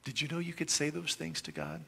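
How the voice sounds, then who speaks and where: A man delivering a sermon with a bright, ringing voice that sits a little high. He reads scripture in hushed, drawn-out tones, then breaks into forceful exclamations. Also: gravelly, breathy edge. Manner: expressive preaching, swings between hushed reading and forceful exclamation. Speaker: pastor.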